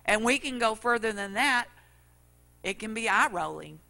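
A woman's voice: fairly high pitch, expressive, moderate pace, gravelly, sharp tone. A middle-aged woman preaching a sermon, telling folksy stories and acting out what people said. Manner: folksy storytelling, acts out quotes.

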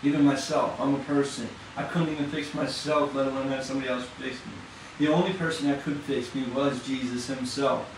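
A man preaching an informal sermon in a fast, excited, conversational way, with casual slang. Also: medium pitch. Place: church hall. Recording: echoey room from far off, faint noise.

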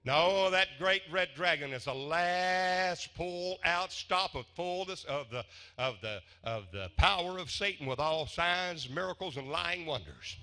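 Fiery revival preacher, a man with a bright, forceful voice. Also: on the high side, expressive, unhurried. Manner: fiery, swings from hushed to shouting. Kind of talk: revival sermon.

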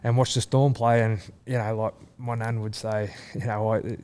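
Low-voiced Australian man, rambling chat. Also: flat delivery, normal speed, a little mellow. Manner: rambling, many fillers and restarts. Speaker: guest, rugby league player. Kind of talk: casual chat.

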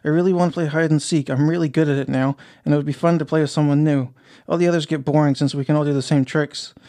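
A man's voice: on the high side, fairly even intonation, fast, warm tone, lightly acted. A man voicing a cheerful, playful ghost girl in a storybook reading, with a chirpy manner. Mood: chatty.

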